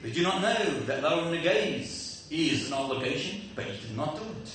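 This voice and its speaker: A man preaching an impassioned sermon, swinging between loud high cries and low hushed passages. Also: lively intonation, a little fast, few pauses. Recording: echoey room from a distance.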